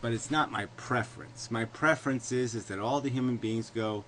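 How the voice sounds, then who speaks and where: A man ranting alone to camera in a combative, profane way, hammering his points with sarcastic rhetorical questions. His voice sits at an ordinary middle pitch. A faint hum of room noise lingers behind him. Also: moderate pace, few pauses, fairly bright tone. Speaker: video blogger. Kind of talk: solo ranting monologue.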